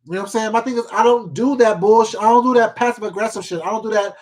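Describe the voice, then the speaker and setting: High-voiced, blunt, profane man ranting. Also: fast talker, darkish tone. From Washington State. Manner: blunt, profane and emphatic, repeats himself, greets viewers by name. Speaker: mukbang YouTuber. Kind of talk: casual live-stream rant while eating.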